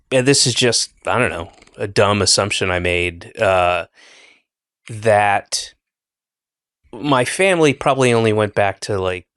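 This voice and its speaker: A man's voice: low-pitched, a bit bright, clear, resonant tone, no room sound, studio quality. Man rambling, profane podcast host. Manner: rambling, profane, jokey storytelling with mimicked voices. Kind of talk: casual chat.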